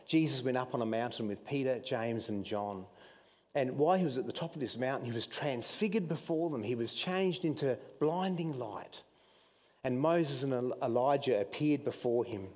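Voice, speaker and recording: An Australian man preaching a sermon as pastor, telling Bible stories with mounting excitement and some emotion. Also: big-room sound. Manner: animated storytelling preacher, rising pitch when excited, admits getting emotional. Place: church hall.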